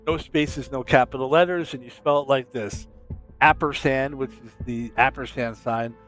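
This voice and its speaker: An American man streaming, talking in a rambling, casual way with some swearing. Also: fairly high pitch. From United States. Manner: rambling, profane, self-promoting.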